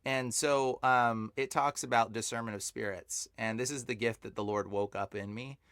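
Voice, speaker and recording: A man, a podcast guest, telling stories in a rambling, animated way, full of fillers and laughing as he talks. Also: mid-range voice, normal speed, smooth, no room sound, studio quality. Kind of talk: casual storytelling.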